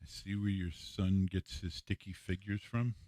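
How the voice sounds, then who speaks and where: A man's voice: low-pitched, fairly even intonation, measured pace, warm tone, dry recording, studio quality. A man co-hosting a live stream, chatting casually in a blunt, profane, teasing way. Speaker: co-host of a live reaction stream. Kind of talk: casual chat.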